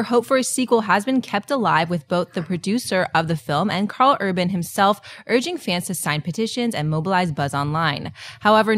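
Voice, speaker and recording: A woman reading a scripted movie news item in a clear, even delivery. Her voice sits on the low side for a woman. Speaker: news presenter.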